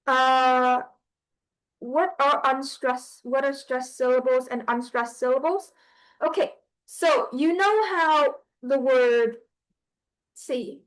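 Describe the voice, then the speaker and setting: A woman's voice: high voice, fairly bright tone, low-quality recording. A woman teaching a class, hesitant, with many fillers and restarts. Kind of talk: online class lesson.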